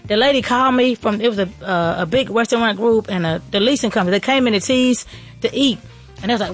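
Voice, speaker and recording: A middle-aged woman gives an excited, preachy motivational faith talk as a podcast host, repeating her phrases. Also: mid-range voice, fairly quick, soft background music. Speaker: podcast host and restaurant owner.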